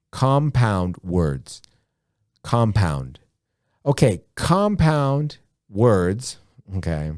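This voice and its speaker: Very slow, deliberate male ESL teacher. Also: fairly low pitch, darkish tone, dry recording, studio quality. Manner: very slow and deliberate, repeats words, frequent "okay". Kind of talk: slow beginner English lesson.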